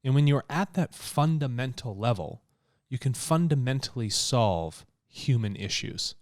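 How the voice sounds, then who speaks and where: A man's voice: mid-range voice, expressive, unhurried, darkish tone, dry recording, studio quality. A man co-hosting a podcast in casual chat, talking loosely with many fillers. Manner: laughs easily, loose and conversational with many fillers. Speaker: podcast co-host.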